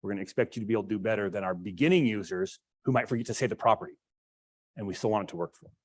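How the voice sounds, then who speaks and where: A man's voice: lowish voice, racing. A male instructor giving a classroom lecture, explaining step by step while demonstrating code and thinking aloud.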